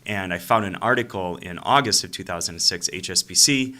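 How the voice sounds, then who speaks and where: Deep, bright-voiced man telling stories. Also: a little fast. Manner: animated storyteller who acts out phone calls. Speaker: real estate investor and coach, interview guest. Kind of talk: casual storytelling in an interview.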